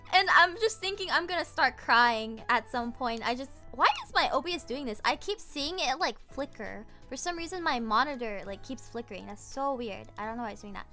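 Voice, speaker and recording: Woman streamer, high-pitched, bright tone, rambling casual chat, giggly, faint music behind. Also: lively intonation, brisk. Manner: rambling and giggly, full of fillers. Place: home streaming setup.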